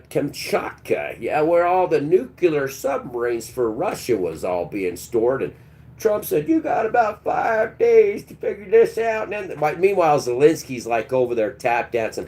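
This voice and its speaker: A man hosting a live stream, in a mid-range voice that jumps between high and low. He rambles in a crude, sarcastic rant, circling back and restarting his thoughts. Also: a little mellow. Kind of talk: ranting live-stream talk.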